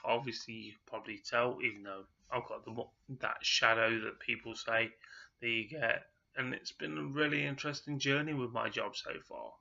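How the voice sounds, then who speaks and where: Man, rough throat, rambling casual vlog talk, bright gravelly tone, lo-fi sound. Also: medium pitch. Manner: rambling, with frequent restarts. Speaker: vlogger.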